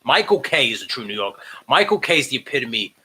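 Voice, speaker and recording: Profane ranting podcast man, bright voice. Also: medium pitch, very animated, fast, husky. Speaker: podcast co-host. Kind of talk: casual chat. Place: home, remote recording.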